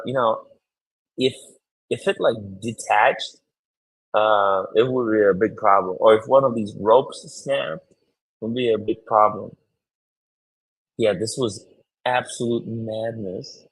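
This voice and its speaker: A man hosting a casual live stream, chatting in a rambling, excitable way and swearing freely. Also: on the low side, slow, long pauses, slightly rough, rough recording. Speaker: streamer host.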